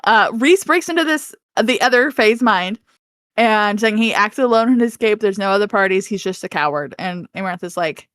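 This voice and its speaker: A woman co-hosting a podcast, retelling a book's scenes with quick animated storytelling. She laughs often and swears playfully. The sound is dry and close, at an ordinary middle pitch. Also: dry recording. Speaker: podcast co-host. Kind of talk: casual book recap.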